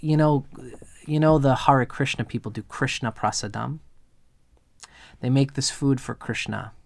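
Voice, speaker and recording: A man's voice: mid-range voice, vocal fry, dry recording. A man giving a live astrology chart reading, earnest and meandering, drifting into storytelling.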